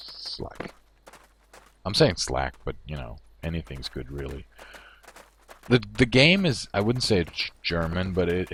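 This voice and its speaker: A man with a very low, deep voice chats through a game stream. He rambles from thought to thought and laughs at himself. Faint hiss sits under his voice. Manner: rambling, self-amused, thinks aloud. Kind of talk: casual gameplay commentary.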